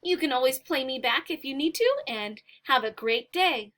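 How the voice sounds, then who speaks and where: A woman teaching Spanish to beginners, reading a short story aloud and explaining it word by word, slowly and patiently. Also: sits high, lively intonation, fairly bright tone.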